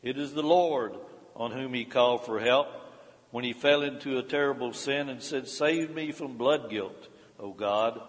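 A man preaching a sermon as pastor, reading a devotional commentary in a measured way, lifting his voice on scripture and dropping low when citing chapters. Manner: measured, rising emphasis on scripture, dropping on references. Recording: long reverb of a large hall.

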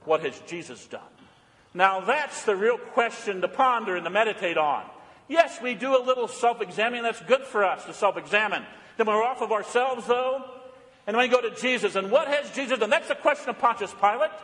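Man, pastor, high voice, earnest sermon, fervent then hushed, long church reverb. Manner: earnest preaching that swings between fervent emphasis and hushed low passages. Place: church sanctuary.

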